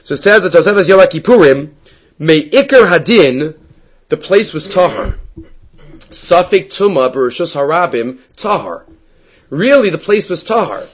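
A man with a slightly high voice leads a Talmud lesson. He moves between English and Hebrew and Aramaic terms and tells the stories with lively energy. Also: unhurried, husky, low-quality recording. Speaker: Talmud teacher. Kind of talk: Talmud class lecture.

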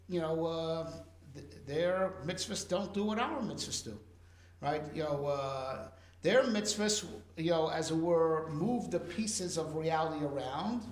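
A man's voice: fairly high pitch, reverberant. A man teaching a casual Torah class, talking conversationally with Hebrew and Yiddish terms and frequent "right?" checks.

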